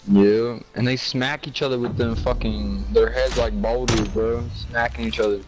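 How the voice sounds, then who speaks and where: A man's voice: medium pitch, steady tone, moderate pace, music in the background, low-quality recording. A young man in casual chat on a gaming stream, crude and joking, often repeating himself and quizzing his friend.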